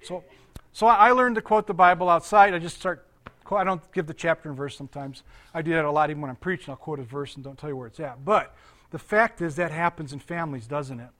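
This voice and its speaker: A man's voice: on the high side, fast talker, fairly bright tone. An older man, a pastor, giving a conversational sermon, laughing often and quizzing his congregation.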